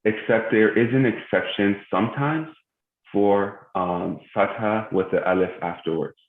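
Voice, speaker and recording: A young man with a low, deep voice leads a live recitation lesson, pausing often with fillers and correcting himself. His voice carries the echo of a large prayer room. The stream sounds thin and phone-like. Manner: hesitant, many filler sounds, self-correcting. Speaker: tajweed teacher. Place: mosque. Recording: echoey, tinny phone-like stream.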